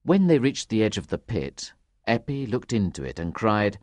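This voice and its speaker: A woman narrating a storybook in a calm, measured way. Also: very deep voice, dry recording. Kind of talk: storybook reading.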